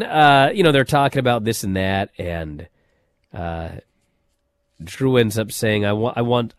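A man hosting a casual wrestling chat, telling stories in an animated way with many fillers and restarts. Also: lowish voice, dry recording, clean studio sound. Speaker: wrestling podcast host.

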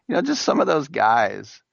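A man's voice: mid-range voice, vocal fry, dry recording, lo-fi sound. A man hosting a sports talk radio show, chatting in a rambling, jokey way. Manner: rambling, jokey, does impressions of announcers.

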